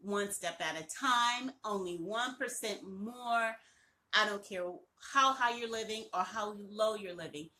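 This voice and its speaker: A woman's voice: medium pitch, unhurried, sharp tone, slight background noise. A woman branding coach giving an emphatic, repetitive, encouraging motivational talk on a live stream.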